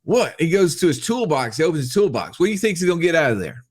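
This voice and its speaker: Animated, lively-voiced male storyteller. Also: fairly high pitch, fast. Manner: excitable, quotes people and laughs mid-story. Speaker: podcast guest.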